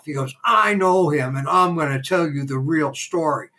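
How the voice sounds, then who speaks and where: An older man spinning anecdotes as a podcast guest, his voice sitting a little on the high side. He talks in a relaxed, chatty way and slips into the voices of the people he quotes. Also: moderate pace, hardly any pauses. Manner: animated raconteur who acts out quoted dialogue. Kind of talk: casual interview storytelling.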